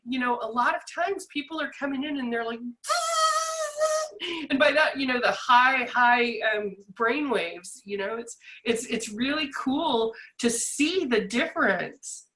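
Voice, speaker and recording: Woman host with a high, bright, forceful voice; lively storyteller in a relaxed interview chat. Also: a little slow. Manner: animated storyteller who acts out quotes. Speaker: podcast host and sound therapist.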